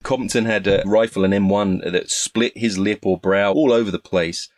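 A man's voice: on the low side, normal speed, dry recording. Laughing English man telling stories. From England. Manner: animated storyteller, laughs often. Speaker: guest actor. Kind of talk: casual interview chat.

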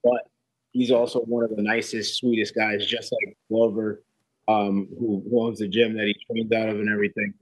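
A man's voice: fairly low pitch, flat delivery, normal speed, breathy edge, no echo, rough recording. A man talking casually as a guest, laid-back, with many fillers and restarts. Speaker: guest fighter. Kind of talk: casual chat.

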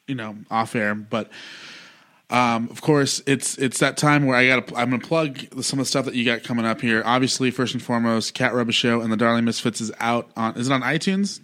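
A man's voice: mid-range voice, steady tone, brisk, a bit bright. Rambling, chummy male podcast host. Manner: rambling, filler-heavy, chummy. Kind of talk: casual interview chat.

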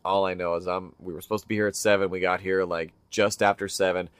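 A man's voice: sits low, level tone, fast, smooth, no room sound. A man casually telling a rambling anecdote on a podcast, acting out the people in it. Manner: rambling anecdotal delivery, acts out quoted people. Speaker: podcast co-host. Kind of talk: casual storytelling chat.

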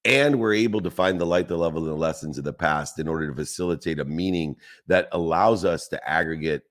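A man's voice: low-pitched, brisk. A man giving a motivational talk, speaking with emphatic rhetorical questions and long repetitive lists.

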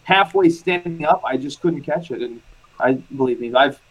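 A man's voice: fairly high pitch, normal speed, husky, rough recording. A man and former catcher recalling games in casual chat, poking fun at himself. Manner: self-mocking, rambling recollection.

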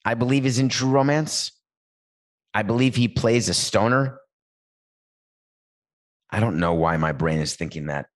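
A man hosting a talk show, riffing playfully and rambling, with sudden jumps in pitch. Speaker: show host. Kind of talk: comedic talk-show monologue with ad read.

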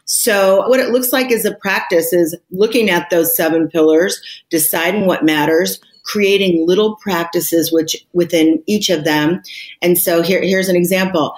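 A woman with a notably low voice speaks as a podcast guest. She sounds candid and reflective, and she leans into key words with emphasis. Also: normal speed. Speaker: interview guest. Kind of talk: podcast conversation.

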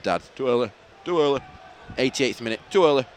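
A man's voice: mid-range voice, expressive, a little fast, a little hiss or hum. A man, co-hosting a football fan podcast outdoors at a match, chatty and laughing, full of rambling asides. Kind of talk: casual football banter.

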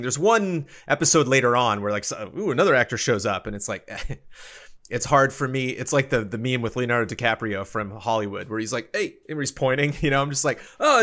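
A man co-hosting a podcast, chatting casually in a rambling, animated way with lots of fillers. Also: mid-range voice. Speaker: podcast co-host. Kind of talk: casual chat.

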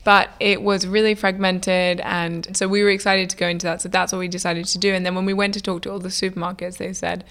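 Chatty woman with vocal fry. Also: on the low side, fast, hardly any pauses. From United Kingdom. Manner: chatty, lively, many "like" fillers, acts out quoted dialogue. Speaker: guest, food business founder. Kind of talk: casual interview storytelling.

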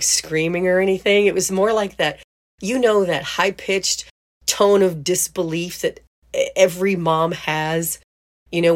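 A woman hosting a podcast, telling a story in a chatty way and laughing as she goes. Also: on the low side. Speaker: podcast host. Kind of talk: casual storytelling monologue.

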